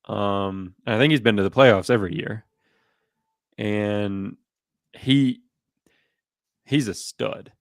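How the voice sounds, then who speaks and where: A man co-hosting a sports podcast, rambling in a relaxed way with lots of fillers and restarts. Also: on the low side, slow pace, creaky, pauses often, no echo. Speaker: podcast co-host. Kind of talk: casual sports chat.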